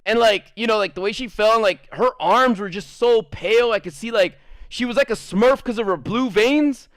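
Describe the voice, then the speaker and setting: A man's voice: high voice, normal speed, fairly bright tone, dry recording. A man streamer casually telling a rambling, profane story, laughing as he goes.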